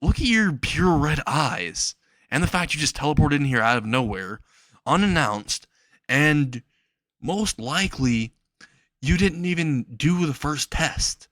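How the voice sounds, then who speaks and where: A pompous, rule-obsessed teenage boy in a fan-made spoken story, as a man puts him on. He lectures and accuses in a stiff, preachy way, in a plain mid-pitched voice. The recording sounds dry and close. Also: animated, unhurried, fairly bright tone, no echo. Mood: lecturing.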